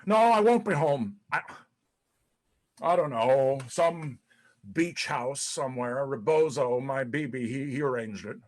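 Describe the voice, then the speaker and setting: A man's voice: mid-range voice, expressive, measured pace, darkish tone, close to an everyday voice. An actor playing a disgraced, paranoid older male ex-president in a dramatic monologue, profane and rambling, stammering over repeated words. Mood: self-pitying, bitter.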